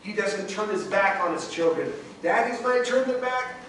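A middle-aged man preaches with raw emotion, his voice pitched high and rising in swells of volume. He is heard from a distance across a hall that echoes heavily. A faint noise hangs underneath. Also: animated, moderate pace, a bit bright. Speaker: pastor. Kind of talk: sermon.

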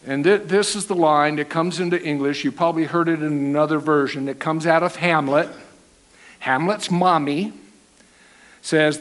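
A man preaching a sermon, animated and acting out the quoted lines. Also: on the high side, normal speed, low-quality recording.

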